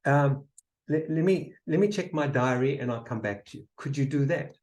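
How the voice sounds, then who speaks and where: A man giving a motivational seminar talk, emphatic and repetitive, sometimes dropping to a soft near-whisper to demonstrate. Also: medium pitch, normal speed, rough recording. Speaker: seminar speaker.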